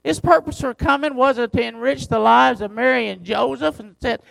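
A man pastor preaching a sermon, reading scripture slowly and driving his points home with emphasis. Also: very high-pitched, vocal fry, a bit bright, no echo, rough recording.

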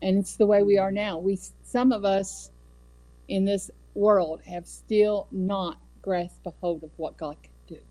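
Slow, earnest woman teaching scripture. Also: mid-range voice, steady tone, mellow, rough recording. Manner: earnest, measured, emphatic repetition. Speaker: Bible study speaker. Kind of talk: devotional teaching.

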